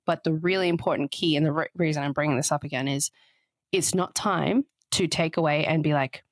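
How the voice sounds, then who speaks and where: A woman's voice: deep voice, steady tone, a little fast, dry recording. A woman co-hosting a relationship podcast, explaining ideas in a chatty way and reading out short quotes. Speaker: podcast co-host. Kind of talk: casual podcast chat.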